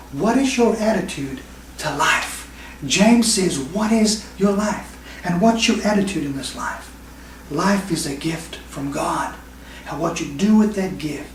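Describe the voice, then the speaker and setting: A man preaching a sermon as pastor, emphatic, with quick bursts and slow stressed phrases. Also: fairly high pitch, animated, a little hiss or hum. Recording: echoey room, mic at a distance.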